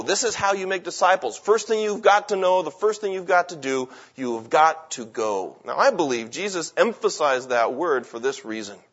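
A man delivers a sermon with a slightly higher-than-usual voice and a husky edge. He preaches emphatically and poses rhetorical questions. The recording sounds dull and lo-fi. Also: fairly bright tone. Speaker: pastor.

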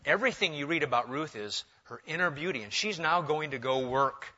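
A middle-aged man preaches a sermon with real animation, pushing his pitch up and slowing down to land his points. His voice is bright and forceful, sitting a little high for a man. The recording sounds dull and lo-fi. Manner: animated, varies pitch and pace for emphasis. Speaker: pastor.

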